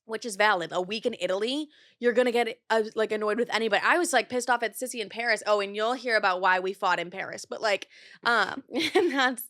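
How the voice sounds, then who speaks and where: A woman's voice: mid-range voice, brisk, fairly bright tone, dry recording, clean studio sound. A young woman in her twenties hosting a podcast, chatting casually, filling her talk with "like" and swearing freely. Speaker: podcast host. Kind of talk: casual chat.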